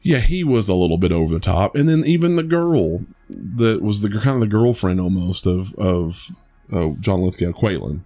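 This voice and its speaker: Over soft background music, a man with a low, mellow, expressive voice speaks at a moderate pace. He co-hosts a podcast and rambles through a casual movie review, restarting often and swearing now and then.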